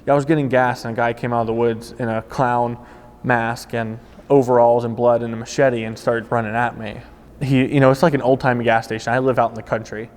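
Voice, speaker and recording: Male storyteller, former car salesman, animated delivery, ordinary middle register, recorded with long reverb. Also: mid-range voice, a little fast. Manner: animated storytelling, voices quoted people. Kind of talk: casual spoken anecdote.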